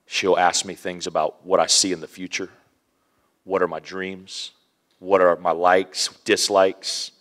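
A man preaching a sermon, animated, acting out scenes with hushed whispers and playful voices. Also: low voice, measured pace.

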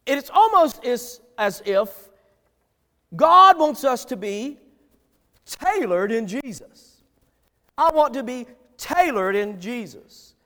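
A middle-aged male pastor delivers an emphatic sermon, stacking repeated phrases to drive points home. His voice sits very high for a man. A long reverb trails each line in the sanctuary. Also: sing-song, slow pace, long pauses, a bit bright.

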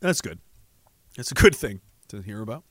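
A man's voice: lowish voice, sing-song, moderate pace, a bit bright. A man, hosting a livestream and reading out viewer messages in a rambling, profane and sardonic way. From Canada. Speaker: livestream host.

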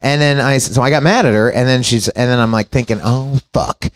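A man's voice: mid-range voice, fast. A man telling stories in casual talk, swearing often and acting out other people's voices. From Italian-American family. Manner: profane, animated, acts out quotes. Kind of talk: casual storytelling chat.

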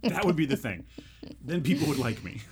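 A man's voice: medium pitch, sing-song, brisk, a crowd in the background. A man guesting on a podcast, chatting in a casual, self-deprecating and giggly way. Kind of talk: casual comedic chat.

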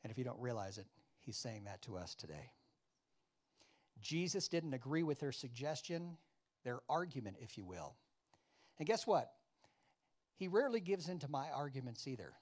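A man preaching a sermon, acting out dialogue and questioning his congregation, loud one moment and quiet the next. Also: mid-range voice, moderate pace, pauses often. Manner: animated, acts out biblical dialogue with wide swings in loudness; addresses the congregation with questions and asides. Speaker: pastor.

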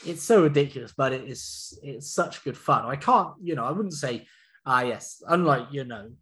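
A man's voice: mid-range voice, expressive, moderate pace, a bit bright. A man casually recapping a film, hedging with lots of fillers. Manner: hedging, easygoing, many fillers. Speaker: podcast co-host.

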